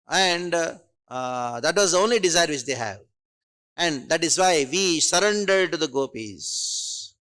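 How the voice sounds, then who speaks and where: A man's voice: on the high side, fairly bright tone. A man with an Indian accent giving a scripture class at a temple, reciting Sanskrit verses and posing rhetorical questions. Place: temple hall.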